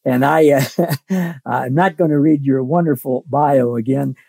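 A man hosting an interview, welcoming his guest in a relaxed, easygoing and slightly halting way. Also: mid-range voice, creaky, no room sound. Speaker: podcast host. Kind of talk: casual interview.

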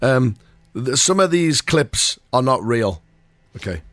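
A man's voice: mid-range voice, lively intonation, slow, no echo. A man hosting a radio show, chatting and joking casually with his co-host. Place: radio studio.

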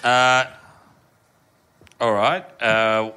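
A man's voice: mid-range voice, fairly even intonation, very slow, pushed and bright, smooth. A man co-hosting a live podcast, loose and laughing often. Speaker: podcast co-host. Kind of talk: casual live podcast chat. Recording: live stage with crowd audible.

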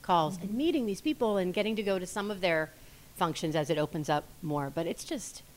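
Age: adult. Sex: woman. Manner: enthusiastic, animated, chatty podcast guest. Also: on the low side, a little fast. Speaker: podcast guest and host of her own show. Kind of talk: casual chat.

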